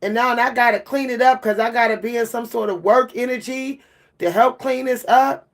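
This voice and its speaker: A woman's voice: on the high side, normal speed. A worn-out woman venting to her camera in an emotional monologue, repeating and stumbling over her words. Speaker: vlogger.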